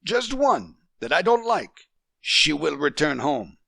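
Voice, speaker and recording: A man's voice: medium pitch, expressive, normal speed, fairly bright tone, dry recording, clean studio sound, voice pushed up. A man doing a stern, domineering husband past fifty. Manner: stern, huffing, commanding. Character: domineering French husband past fifty, stubborn head of family.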